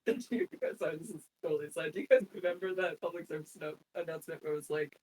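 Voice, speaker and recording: A woman's voice: low-pitched, racing, darkish tone, distant mic. A woman playing in a tabletop game, making dry, wry remarks in casual chat. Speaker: player.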